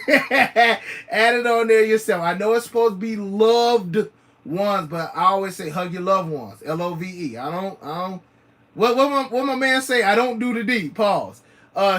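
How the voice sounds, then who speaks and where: A man's voice: high-pitched, a bit bright. A man hosting a sneaker channel livestream, chatting loosely with slang, fillers and repeated phrases. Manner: loose, repetitive, slangy talk with many fillers. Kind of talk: casual livestream chat.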